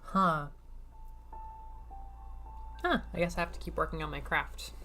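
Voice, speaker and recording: A woman's voice: sits low, unhurried, sharp tone, faint music behind. A woman streamer giving casual, self-mocking commentary while she plays a game. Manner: chatty, self-mocking, giggly asides. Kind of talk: casual let's-play commentary.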